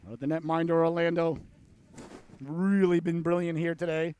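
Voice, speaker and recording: A man with a rather high, smooth voice calls a youth hockey game play by play. He keeps up a folksy, joking patter with the audience and shouts when the action heats up. The sound is dry and close to the mic. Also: normal speed, dry recording. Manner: folksy, jokey play-by-play, rises to excited shouts on scoring chances. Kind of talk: sports commentary.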